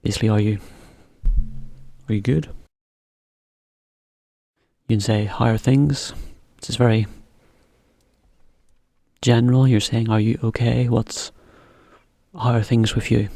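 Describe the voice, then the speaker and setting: A man teaching a slow, careful English lesson for learners, repeating each example phrase. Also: mid-range voice, steady tone, gravelly, warm tone, dry recording, clean studio sound.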